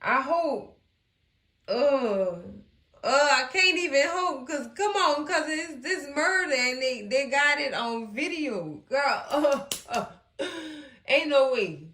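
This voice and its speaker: A woman hosting a casual TV recap, animated and acting out the characters as she chats to her viewers. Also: high-pitched, takes it slowly, roomy sound, a little hiss or hum. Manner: animated, acts out characters, talks to viewers as cousins. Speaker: recap host.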